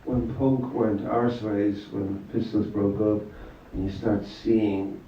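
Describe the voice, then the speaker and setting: A man's voice: lowish voice, flat delivery, slow pace, a little hiss or hum. An Irish man in his sixties, a musician talking in a live question session, rambling and reflective, swearing casually. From Ireland. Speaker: guest musician. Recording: roomy distant hall mic, muffled.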